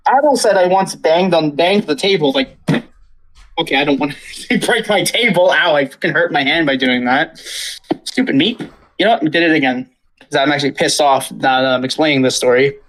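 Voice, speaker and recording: A young man hosts a casual podcast with a fairly high voice. He rants heatedly and swears freely about school. Then he apologizes sheepishly to the others. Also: a little fast, a bit bright, poor audio. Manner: ranting, swears a lot, apologizes after. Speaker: podcast host.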